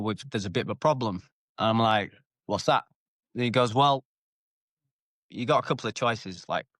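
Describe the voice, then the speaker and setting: A man's voice: on the low side, fairly bright tone, no room sound, clean studio sound. A British man, a former MMA fighter, telling stories from his fighting days in a casual podcast interview. He swears freely and acts out the people he quotes. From United Kingdom. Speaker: retired MMA fighter, guest.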